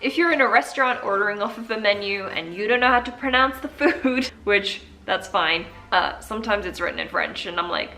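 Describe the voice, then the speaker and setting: Bright, chatty woman vlogger. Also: mid-range voice, vocal fry. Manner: playful, chatty, laughs often. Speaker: language vlogger. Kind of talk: casual tutorial chat.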